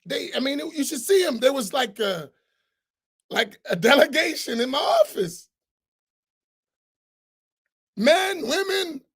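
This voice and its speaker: A man's voice: very high voice, lively intonation, slow, long pauses, fairly bright tone. A man, an imam, giving a class talk at a mosque in a blunt, emphatic, everyday way.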